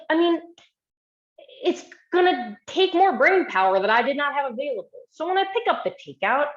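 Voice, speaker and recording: A woman's voice: on the high side, roomy sound, dull audio. A woman physician giving a storytelling presentation, talking earnestly and with emotion over a video call.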